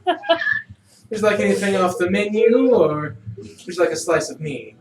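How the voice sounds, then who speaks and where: A man's voice: high voice, animated, moderate pace, voice pushed up. A man voicing a burly, mustached male bar patron who flirts and teases. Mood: flirty. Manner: flirtatious, teasing. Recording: roomy, distant from mic.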